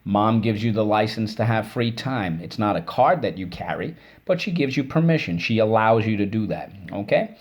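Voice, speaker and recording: A low-voiced man leads a phonics lesson, upbeat and encouraging. He says each word slowly and repeats it for the class to echo. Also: lively intonation. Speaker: teacher.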